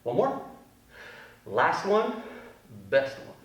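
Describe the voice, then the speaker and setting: A man's voice: high-pitched, wildly swooping pitch, very slow, very noisy. Upbeat male kids' instructor, playful, recorded far off in a roomy space. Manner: playful, upbeat coaching with goofy asides. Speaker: kids' taekwondo instructor in costume. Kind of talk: children's fitness class instruction. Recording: echoey room from a distance with music.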